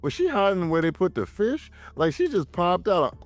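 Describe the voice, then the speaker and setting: A man's voice: high-pitched, big pitch swings, moderate pace, no room sound. A man co-hosting a casual film review, retelling scenes incredulously and swearing freely.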